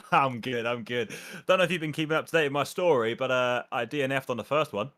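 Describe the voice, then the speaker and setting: A man's voice: mid-range voice, a little fast, sharp tone. A man joining a racing stream by voice chat as a guest driver, chatting casually and mocking his own mistakes with laughs. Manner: laughing, self-mocking, upbeat. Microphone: voice chat mic.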